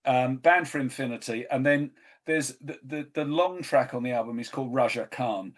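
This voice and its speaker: A man's voice: mid-range voice, normal speed. A man co-hosting a live radio music show, rambling through an album with hesitant ums and restarts. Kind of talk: casual chat about albums. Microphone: studio mic.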